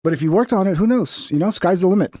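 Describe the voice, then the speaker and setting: A man's voice: high voice, lively intonation, fast, mellow, no echo, studio quality. A man in his thirties from Texas, giving casual, profane, sarcastic commentary on clips.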